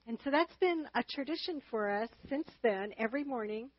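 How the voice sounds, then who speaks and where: A woman's voice: on the high side, expressive, fairly quick, no room sound, dull audio. A woman chatting and telling stories during a church marriage lesson shared with her husband. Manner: chatty, storytelling. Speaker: marriage teacher, co-host with husband.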